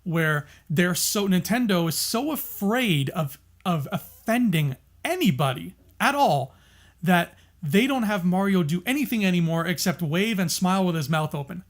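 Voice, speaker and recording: A man with a notably high voice talks on a casual podcast, animated and emphatic. He laughs often and trips over his restarts as he argues his point with feeling. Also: moderate pace. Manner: passionate, emphatic. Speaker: podcast co-host.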